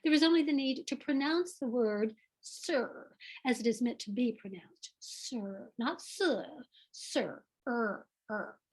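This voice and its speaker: A woman's voice: high voice, a little slow, hardly any pauses, husky. A woman voicing a pompous, condescending male acting teacher with haughty, over-precise diction.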